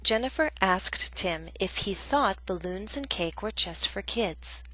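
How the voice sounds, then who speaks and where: A woman narrates an English grammar lesson in a measured, carefully enunciated way. Her voice sits at a medium pitch and sounds dry and close, with no room echo. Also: lively intonation, sharp tone. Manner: slow, deliberate, clearly enunciated. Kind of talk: scripted instructional narration.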